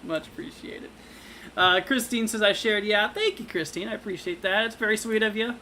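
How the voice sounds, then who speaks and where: Bright-voiced casual weather streamer man. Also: high-pitched, a little hiss or hum. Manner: casual, filler-heavy, halting restarts. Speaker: livestream weather host. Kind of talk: live severe-weather coverage and chat reading.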